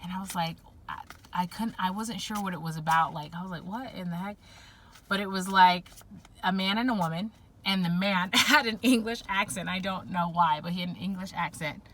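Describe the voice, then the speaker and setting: Bright-voiced woman rambling through a reading. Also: on the low side, a little fast, a little hiss or hum. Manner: rambling, frequent fillers and restarts. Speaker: tarot reader. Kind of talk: casual intuitive reading.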